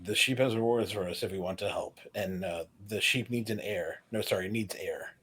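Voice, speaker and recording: A man's voice: on the low side, normal speed, a bit bright, slightly rough. A man playing a tabletop game, speaking hesitantly and repeating words as he describes his character's actions. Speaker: player.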